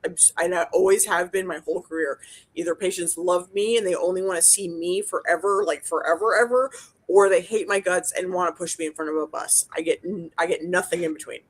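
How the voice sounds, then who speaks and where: A woman's voice: lowish voice, steady tone, brisk, slightly rough. Blunt, sweary woman in casual chat. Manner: blunt, profane, rambling with many restarts. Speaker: podcast co-host, dental hygienist.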